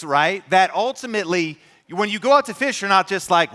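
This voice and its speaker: A man speaks to a live audience with energy and emphasis, breaking off into quick asides to the crowd. His voice sits a little high and comes across bright and forceful. It is a motivational stage talk. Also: animated. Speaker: podcast host giving a talk.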